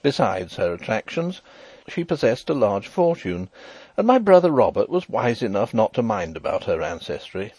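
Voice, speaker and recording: A man narrating a classic novel as an audiobook, wry and expressive in his storytelling. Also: lowish voice, normal speed, breathy edge, no room sound. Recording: dry close recording.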